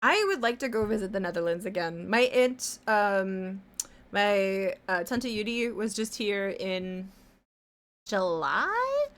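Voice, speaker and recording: Woman streamer, mid-pitched, talkative and rambling, casual and a bit salty, hums while drawing. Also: sing-song, takes it slowly. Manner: rambling, chatty, swears casually, hums to herself. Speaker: live-stream artist.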